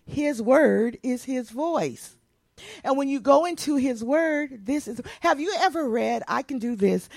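A woman's voice: high-pitched, gravelly, dry recording. A woman pastor preaching a sermon in a folksy, emphatic way.

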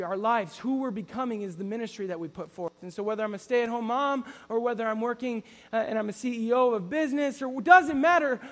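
A man's voice: high voice, big-room sound. A man preaching a sermon in an earnest storytelling way, often restarting his sentences.

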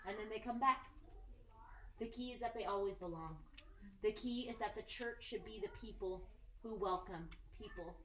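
A woman giving a casual, animated sermon, joking and acting out the people she quotes. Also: mid-range voice, normal speed. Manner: animated, jokey, acts out quoted voices. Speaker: preacher. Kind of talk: conversational sermon. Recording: echoey room, mic at a distance.

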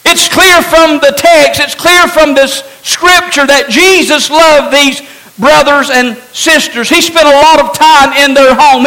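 High, bright-voiced male preacher. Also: poor audio. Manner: emphatic preaching with rhetorical questions. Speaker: pastor. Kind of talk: sermon.

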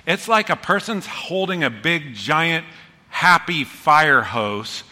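A man preaching a sermon as a pastor, animated and excitable, rushing ahead in bursts and then reining himself in. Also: a little high, big-room sound.

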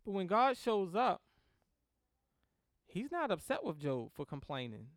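A woman teaching a Christian class on grief in a lively, conversational way, often laughing and checking in with the class. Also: medium pitch, measured pace, dry recording, clean studio sound. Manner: animated, laughs often, acts out prayers in quotes; checks in with "right?" and "okay?".

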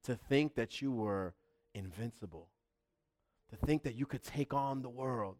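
A man's voice: mid-range voice, a little slow, darkish tone. A man preaching a sermon in a fervent, emphatic style, driving points home through repetition.

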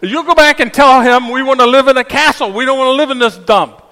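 A man voicing a greedy fisherman's wife who is never satisfied, loud and scornful, as he tells a story in a sermon. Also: extremely high pitch, brisk, voice pushed up. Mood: shrill demanding.

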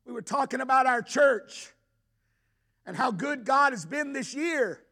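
Middle-aged male pastor, high pitch, animated sermon delivery. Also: measured pace. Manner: impassioned, voicing the father's plea with rising intensity; rhetorical questions to the congregation. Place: church sanctuary.

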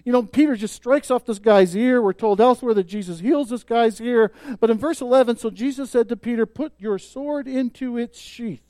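A man preaching a sermon as pastor, emphatic, swelling loud on key points and dropping soft. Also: extremely high pitch, brisk, hardly any pauses, no room sound.

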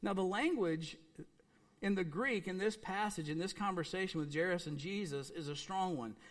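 A man preaching a sermon, earnest and emphatic, repeating phrases and dropping suddenly to a soft, quiet voice. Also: high voice, moderate pace. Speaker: pastor.

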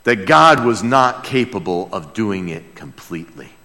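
A man preaching a sermon as pastor, passionate, dropping to a hush and then crying out. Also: on the low side, animated, unhurried, long reverb tail. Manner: passionate, swings from hushed to crying out.

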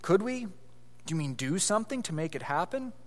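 A man's voice: sits high, big pitch swings, fairly quick, big-room sound. A man voicing an indignant, fierce young schoolgirl in a read-aloud story.

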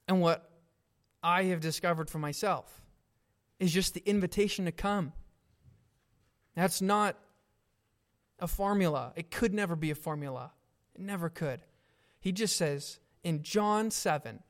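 A man delivers a sermon in a fairly high voice. He takes his time and speaks with earnest conviction. He leans on pointed questions to press each point home. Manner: earnest, deliberate preaching with emphatic questions. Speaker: preacher.

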